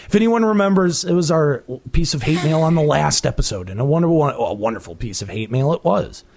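A man hosting a podcast, with a high voice that swings widely and a gravelly fry at the ends of his phrases. He teases his guests and trips over repeated words as he talks. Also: animated, brisk, a little mellow. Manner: joking, repeats himself. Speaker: podcast host. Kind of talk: casual podcast chat.

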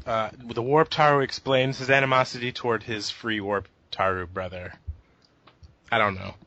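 A man's voice: mid-range voice, fairly even intonation, normal speed, sharp tone, dull audio, slight background noise. A man co-hosting a gaming podcast, chatting casually, often hesitant and thinking aloud. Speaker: podcast co-host. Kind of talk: casual chat.

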